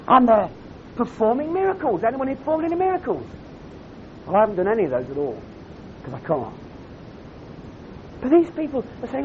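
High-voiced preacher, earnest. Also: male voice, big pitch swings, a little fast, long pauses. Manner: earnest, direct, asks the audience questions. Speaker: camp preacher. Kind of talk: sermon. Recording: dull lo-fi recording with faint rumble.

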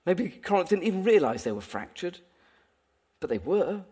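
A man preaching a sermon in an animated, playful way, often laughing. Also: high voice, normal speed, husky.

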